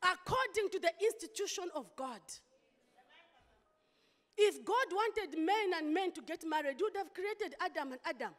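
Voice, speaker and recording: A woman pastor delivering an impassioned sermon, with sudden loud outbursts. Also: extremely high pitch, animated, moderate pace. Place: church hall. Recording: long hall reverb.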